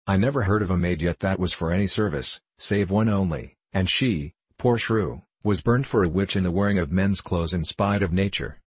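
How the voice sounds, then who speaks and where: A man's voice: low voice, normal speed, hardly any pauses, breathy edge, no room sound. A man reading a blunt, boastful forester lad. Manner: blunt, boastful, archaic speech.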